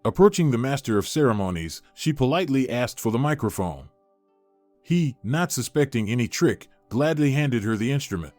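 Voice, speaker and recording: A man narrating a dramatic story in a measured, scripted reading. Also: medium pitch, sing-song, a little mellow, no room sound. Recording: dry close recording with faint music.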